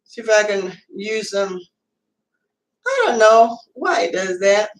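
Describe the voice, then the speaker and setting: A woman's voice: medium pitch, sing-song, slow pace, recorded from a distance. A woman hosting a casual home cooking show, chatting and rambling as she cooks, with plenty of fillers. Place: home kitchen. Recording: echoey room, away from the mic.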